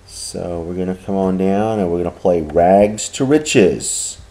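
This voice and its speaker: A man gives a recorded grammar lesson, patient and methodical, slowing down to spell out each example. His voice sits low and mellow, and he talks into a computer mic over a screen recording. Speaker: Spanish teacher.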